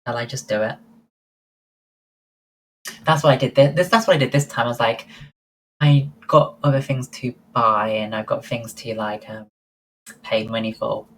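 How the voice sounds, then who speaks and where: A woman's voice: rumbling low, fairly even intonation, normal speed, long pauses, slight background noise, low-quality recording. A woman livestreaming, chatting casually and answering her viewers' messages one by one. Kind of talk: casual chat with live viewers.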